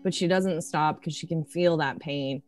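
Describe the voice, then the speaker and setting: A woman with a low voice narrates her character in a tabletop horror game. She swears freely and her voice climbs when her character is upset. A faint music bed sits under her. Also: moderate pace. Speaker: player.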